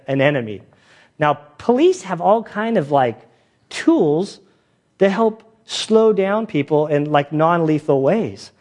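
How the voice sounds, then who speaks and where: A male pastor delivers a casual, story-driven sermon in a voice pitched a little above the usual for a man. He talks loosely and chattily, with plenty of fillers, and jumps up in pitch when he acts out the people in his anecdotes. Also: darkish tone. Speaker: pastor and police chaplain. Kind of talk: conversational sermon.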